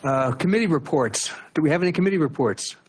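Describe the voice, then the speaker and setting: A man chairs a council meeting, moving things along quickly. He adds brisk, joking asides between agenda items. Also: on the high side, animated, breathy edge.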